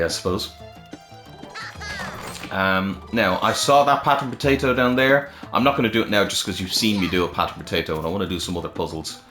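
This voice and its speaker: A man's voice: lowish voice, pushed and bright. A man reviewing a video game in casual commentary, rambling and thinking aloud as he plays. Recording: roomy with faint game music. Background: game music.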